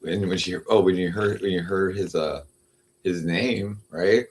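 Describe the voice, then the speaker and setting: A man with a low voice chats casually on a livestream, speaking a little slowly amid slight background noise. His talk meanders and is full of fillers, and now and then he coos at his cat.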